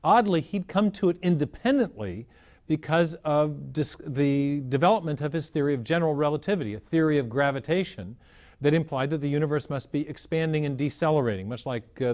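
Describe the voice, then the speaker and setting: Speaking in a fairly high, slightly mellow voice, this man lectures on cosmology at a measured pace. He frequently restarts his phrases while thinking an idea through.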